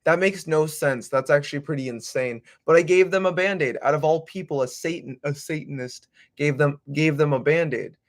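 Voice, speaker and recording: A man's voice: a little high, normal speed, few pauses. A young man hosting a livestream, rambling casually with swearing and slang. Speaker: livestream host.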